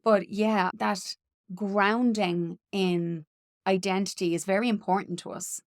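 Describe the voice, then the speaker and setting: A woman's voice: medium pitch, measured pace, no echo. Woman cohost on a podcast, easygoing and chatty, dry close sound. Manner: relaxed, chatty, asks questions. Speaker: podcast co-host. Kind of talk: casual podcast conversation.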